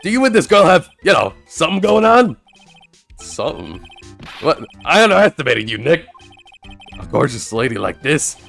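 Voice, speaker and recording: A man voicing a brash, excitable young man in a game, raising his voice high and loud. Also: moderate pace, vocal fry, pauses often, soft background music, full character voice. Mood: teasing.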